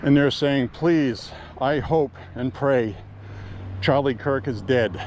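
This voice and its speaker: Male vlogger, mid-pitched, outdoor walk-and-talk, blunt and profane, faint traffic behind. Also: slow pace, a little mellow. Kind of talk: walking vlog monologue. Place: outdoors walking by a road.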